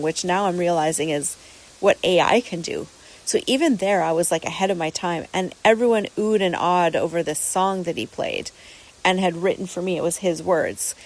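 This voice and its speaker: A woman with a fairly low voice hosts a podcast, casually telling a personal story in an earnest, rambling way full of repeated words and restarts. The recording quality is low.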